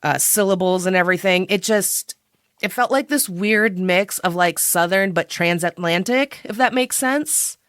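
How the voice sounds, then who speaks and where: A woman co-hosting a podcast in casual chat, animated and expressive and quick to laugh. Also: on the low side, no room sound, clean studio sound. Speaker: podcast co-host.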